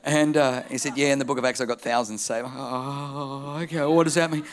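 A middle-aged male pastor preaching a sermon, telling stories with energy and building to shouted declarations. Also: medium pitch, steady tone, a little fast.

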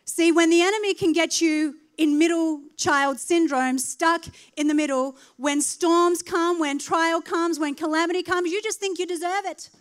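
A woman preaching a sermon, animated and rising to loud, emphatic declarations. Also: very high-pitched, normal speed, hardly any pauses. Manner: laughs at her own slip of the tongue.

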